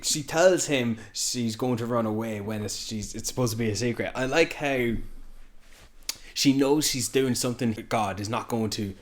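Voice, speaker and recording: A man's voice: mid-range voice, normal speed. A man co-hosting a podcast, earnestly recapping film scenes in detail. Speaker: podcast co-host. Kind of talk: casual film discussion.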